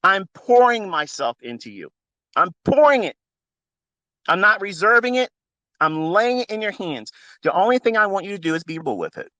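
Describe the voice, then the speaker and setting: A forceful, bright voice that sits high belongs to a middle-aged trading mentor talking into a phone. He delivers an impassioned, preachy monologue in which faith and casual cursing mix freely, captured without echo.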